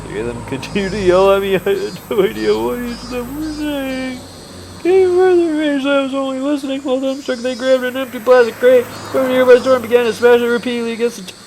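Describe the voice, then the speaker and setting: A man hosting a let's play, reading a visual novel aloud with animated laughing asides and swearing, with traffic noise behind. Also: extremely high pitch, fairly quick.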